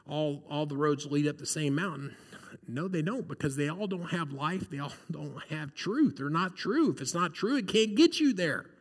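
A man's voice: fairly high pitch, long reverb tail. A male pastor giving a sermon, earnest and conversational, often checking in with the congregation.

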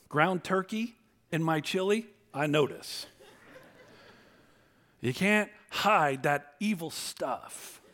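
A man delivers a sermon with a fairly high-pitched voice. His preaching is humorous and conversational. He swings between loud, punchy emphasis and soft, quiet asides. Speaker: pastor.

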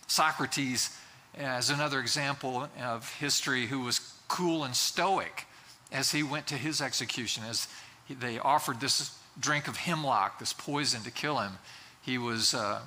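Bright-voiced pastor preaching conversationally. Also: male voice, mid-range voice. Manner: conversational preaching with fillers and restarts. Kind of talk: sermon.

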